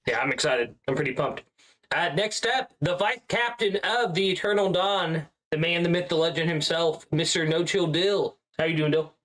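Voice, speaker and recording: A man's voice: fairly high pitch, normal speed, a bit bright, low-quality recording. A man hosting a casual podcast stream, introducing his co-hosts with upbeat announcer-style flair and frequent laughs. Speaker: host and captain of a podcast. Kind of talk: casual chat.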